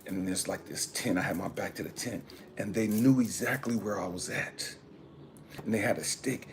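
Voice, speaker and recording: Brief: male spiritual coach, lowish voice, earnest and emphatic storytelling, repeats himself for weight. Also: creaky, a little hiss or hum. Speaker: spiritual coach and channel host.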